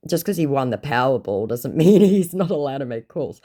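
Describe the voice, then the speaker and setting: A woman with a strikingly deep voice tells a story to her viewers in a casual, chatty way. Her pitch swings widely, and her tone stays sarcastic and mocking. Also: big pitch swings, moderate pace, dark tone. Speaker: scam-baiting content creator.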